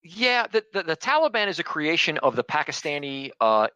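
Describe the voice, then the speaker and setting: A man's voice: on the high side, sing-song, brisk, bright, forceful tone, clean tone, no echo. A man from Philadelphia, a guest on a podcast, talking in a blunt, rambling way with many restarts. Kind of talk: casual podcast chat.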